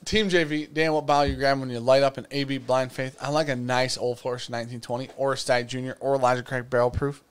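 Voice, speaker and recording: A man's voice: mid-range voice, flat delivery, fast talker, few pauses, smooth. A man co-hosting a live whiskey stream, joking and cursing in casual banter. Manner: joking, profane, teasing. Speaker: podcast co-host.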